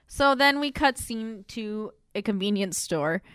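Young female co-host, lively swearing recap chatter, smooth tone, dry close mic. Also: medium pitch, measured pace, no room sound. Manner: animated, swears freely, acts out characters. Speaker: podcast co-host. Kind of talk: casual TV recap chat.

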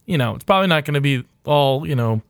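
A man's voice: fairly high pitch, lively intonation, fast, a little hiss or hum. A man hosting a podcast in casual chat, loose and profane, with lots of filler uhs. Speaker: podcast host.

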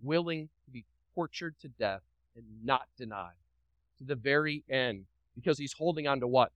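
A man's voice: medium pitch, moderate pace, no room sound, highs cut off. A pastor delivering a sermon to his congregation. He preaches emphatically, repeats phrases, asks the room questions and drops light joking asides.

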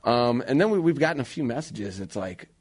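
A man in his thirties co-hosts a radio talk show from the studio. He sounds earnest and excitable and leans on slang in casual chat. His voice sits in an ordinary middle pitch. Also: brisk. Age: 30s.

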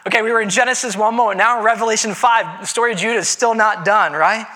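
A man preaching a sermon in a conversational way, with dramatic pauses and playful voiced asides. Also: high voice, steady tone, sharp tone. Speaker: pastor.

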